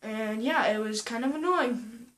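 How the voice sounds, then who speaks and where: A young woman vlogging casually, retelling a story with lots of "like" and quoting people in a higher voice. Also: measured pace, fairly bright tone. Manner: chatty, full of "like" and "I'm like", quoting others in a higher voice.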